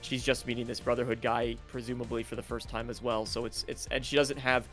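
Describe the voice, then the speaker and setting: A man's voice: medium pitch, brisk, faint music behind. Rambling man in casual podcast chat. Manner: rambling, restarts sentences, relaxed. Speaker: podcast co-host.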